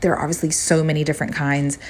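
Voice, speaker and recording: Upbeat low-voiced woman chatting. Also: level tone, quick pace. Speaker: fitness and nutrition coach. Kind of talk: casual recipe vlog chat.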